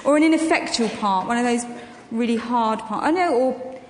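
A woman's voice: on the high side, moderate pace, slight background noise. Chatty woman in an echoey hall. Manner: chatty anecdotal storytelling with frequent ums and laughs. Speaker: guest actress and comedian. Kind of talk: on-stage festival interview. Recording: echoey hall with long reverb, faint ambience.

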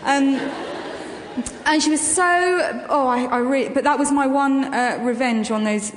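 A woman telling anecdotes on stage in an interview, full of ums and quick laughs. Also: high-pitched. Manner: chatty anecdotal storytelling with frequent ums and laughs. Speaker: guest actress and comedian. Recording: echoey hall with long reverb, faint ambience.

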